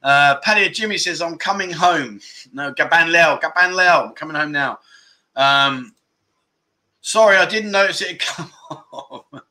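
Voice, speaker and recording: A man's voice: fairly high pitch, measured pace, sharp tone. A middle-aged man hosting a casual livestream, reading out viewer comments with jokes and frequent laughter. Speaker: livestream host.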